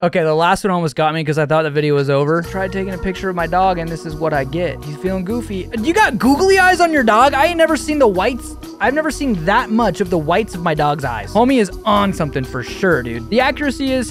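Young male host, bright high voice, slangy incredulous meme reactions, music bed under him. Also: animated, brisk. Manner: joking, incredulous, slangy with "bro" and "dude". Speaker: YouTube host. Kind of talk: casual meme reaction commentary.

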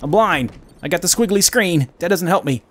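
Casual male let's-play commentator, self-deprecating, animated delivery with sudden yelps. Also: high-pitched, normal speed. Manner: self-mocking, excitable outbursts and muttering. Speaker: gaming commentator.

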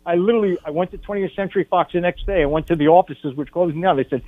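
An older man, a film director, telling stories as a guest in a radio studio interview, animated and acting out what people said. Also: high voice, quick pace, dry recording, phone-quality sound. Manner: animated anecdote teller, acts out quotes.

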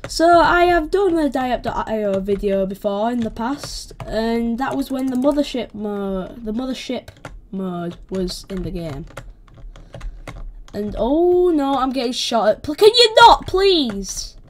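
A woman with a British accent giving casual gameplay commentary, excitable, yelping when attacked and trash-talking playfully. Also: on the high side, unhurried, slight background noise. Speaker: gaming video creator.

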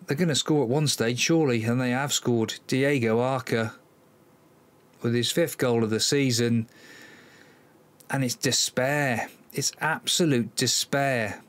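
A man's voice: mid-range voice, steady tone, measured pace. A man hosting a football management let's-play, commenting live on the match, exasperated and sighing, talking to his players. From Cornwall, England.

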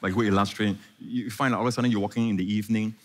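A man preaching a sermon to a congregation, often quizzing them with quick questions. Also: on the low side, fairly even intonation. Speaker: pastor. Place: large church hall before a congregation. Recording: echoey hall.

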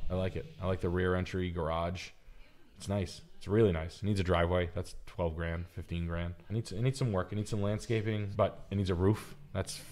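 A man in his thirties hosting a casual show, giving blunt, profane rapid-fire opinions on house listings. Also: low-pitched, a little mellow. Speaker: host reviewing house listings. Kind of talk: casual podcast chat.

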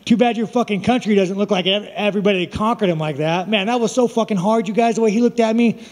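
High-voiced man, profane and taunting. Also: fast talker, darkish tone, big-room sound. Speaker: fighter at a press conference. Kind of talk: press conference talk.

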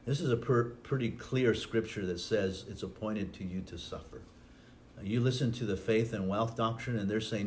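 A man's voice: on the low side, moderate pace, slight background noise. A man preaching a sermon as pastor, acting out quoted lines with a lifted voice. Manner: preaching, acts out quotes with rising voice.

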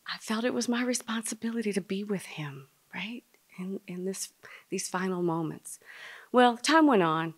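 A woman telling a personal story to a live audience, dramatic and speaking straight to the listeners, sometimes dropping to a hush. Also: medium pitch, animated, moderate pace. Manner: dramatic, drops to a hush at tender moments.

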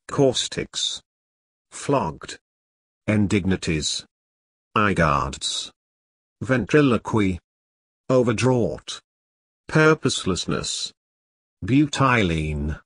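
A man reads a vocabulary list one word at a time, leaving a pause after each. His voice is low and husky, and his pitch moves freely between words. The delivery is very slow and the sound is dry and close. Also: fairly bright tone, dry recording. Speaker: vocabulary reader. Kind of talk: reading a word list aloud.

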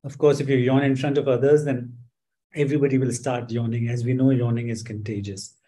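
A man leading a live-streamed stress management workshop, talking with many fillers and gently coaxing his viewers. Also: medium pitch, flat delivery, brisk, poor audio. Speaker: workshop instructor.

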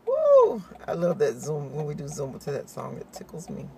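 A woman's voice: low voice, brisk, creaky, a loud crowd. A woman chatting casually to her viewers, laughing often and saying y'all, recorded on a phone camera. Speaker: vlogger. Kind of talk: casual morning chat to viewers. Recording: distant phone mic with steady noise.

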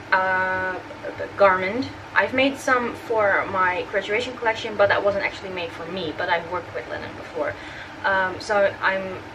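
A woman's voice: mid-range voice, distant mic, background noise. A young woman talks casually to her viewers from an attic workshop, rambling and correcting herself as she goes. She sits well back from the mic, and an air conditioner hums steadily behind her. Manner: rambling, with many fillers and self-corrections. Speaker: sewing and costume channel host. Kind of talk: casual chatty vlog talk to camera. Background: air conditioner running.

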